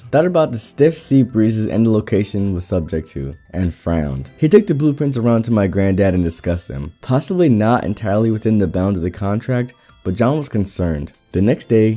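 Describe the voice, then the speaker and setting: A man reading an online story aloud in a steady, wry storytelling manner. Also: lowish voice. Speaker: story narrator.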